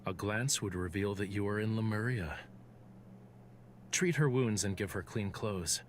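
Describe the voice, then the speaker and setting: A man's voice: unhurried, a little hiss or hum, lightly acted. A man voicing a haughty young sea siren. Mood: aloof. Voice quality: low, soft, spellbinding voice. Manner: haughty, commanding. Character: proud young male Lemurian, aloof and teasing. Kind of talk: game voice acting.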